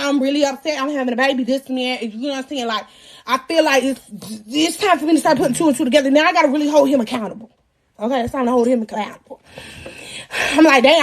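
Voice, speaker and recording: A young woman hosting a live stream, telling a personal story in a loud, animated way, cursing freely and laughing often. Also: sits high. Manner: animated, profane and laughing as she tells the story.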